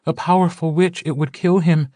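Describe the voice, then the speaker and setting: A man's voice: fairly high pitch, fairly even intonation, normal speed, dark tone, no echo, pitched above the performer's own voice, lightly acted. A male audiobook narrator voicing a distraught woman insisting that a wounded man cannot be changed. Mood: frantic. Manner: frantic, insistent.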